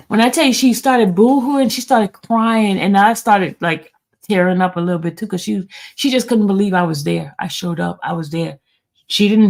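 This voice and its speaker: A woman's voice: fairly low pitch, gravelly, darkish tone. A middle-aged woman hosting a casual, emotional chat, talking straight to her viewers as "y'all.". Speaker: livestream host.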